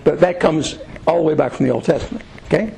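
A Bible teacher leads an informal study, reading verses aloud and then paraphrasing them in plain, conversational words. His voice is fairly high, fast, and creaky, against a noisy background.

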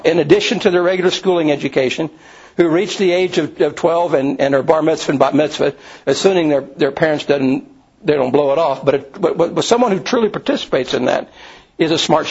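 A man's voice: a little high, a little mellow, husky. Rambling male Bible teacher, lo-fi. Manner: rambling, many restarts and asides. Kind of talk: Bible study lecture. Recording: dull lo-fi recording.

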